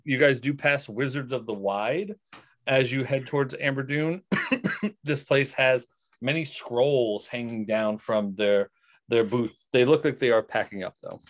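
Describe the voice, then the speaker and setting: A man narrating as game master of a tabletop game, relaxed with many fillers. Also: medium pitch, a little slow, no room sound.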